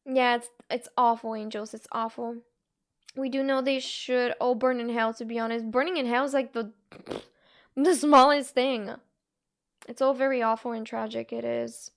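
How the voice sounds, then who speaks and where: A young woman from Bulgaria, a live streamer, talking to her chat in a halting, earnest and emotional way. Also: fairly high pitch, steady tone.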